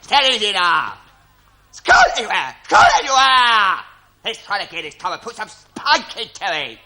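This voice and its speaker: An actor playing a bullying army drill sergeant who barks sarcastic orders. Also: male voice, high-pitched, big pitch swings, moderate pace, vocal fry, bright, forceful tone, exaggerated voice. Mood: barking orders. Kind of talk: television drama acting.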